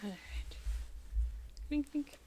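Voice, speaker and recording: A woman's voice: slow pace, warm tone, slight background noise. A woman streaming a video game with a friend, chatting playfully and giggling. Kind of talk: casual gameplay chat.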